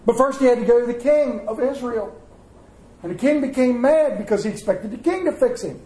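A man's voice: very high voice, a little fast, dark tone, roomy sound, poor audio. A man preaching a sermon in a folksy storytelling way, acting out the voices in his stories. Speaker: pastor. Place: church.

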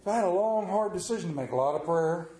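A man's voice: high-pitched, lively intonation, quick pace, mellow. A man giving a conversational sermon as a lay preacher, telling folksy, humorous stories about his week. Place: church sanctuary. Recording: roomy echo of a church.

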